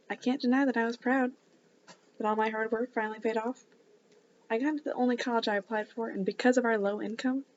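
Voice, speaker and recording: Woman reading a book aloud for her club, soft and hushed, kinda muffled lo-fi sound. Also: on the high side, slight background noise. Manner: reads in a soft, hushed tone, stops for chatty asides. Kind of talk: casual read-aloud of a novel.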